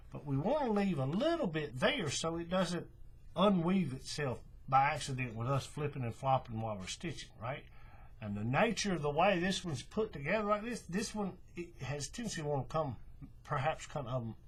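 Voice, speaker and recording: Husky man with a lively voice teaching. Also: on the high side. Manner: chatty, repeats "right?" and "okay", restarts and self-corrections. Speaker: paracord bracelet instructor. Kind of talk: casual how-to demonstration.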